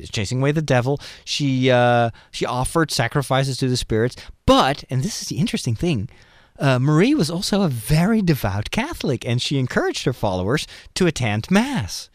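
A man's voice: medium pitch, sing-song, normal speed, no echo, studio quality. A man hosting a podcast, talking through ideas in a casual, enthusiastic way with lots of restarts. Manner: enthusiastic, thinks aloud with restarts. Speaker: podcast host. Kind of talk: casual movie discussion.

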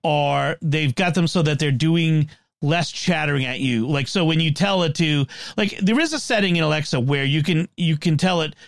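A man runs a casual podcast panel in a slightly high voice, animated and quick to laugh. The sound is dry and close, with no room in it. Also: gravelly, dry recording. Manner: animated, laughs often, reads out headlines. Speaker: podcast host.

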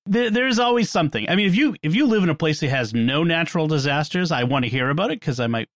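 A man's voice: fairly high pitch, animated, quick pace, dry recording. A man with a Boston accent hosting a podcast, chatting casually with jokes and frequent laughs. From New England. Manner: jokey, rambling, laughs often. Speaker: podcast host. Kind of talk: casual chat.

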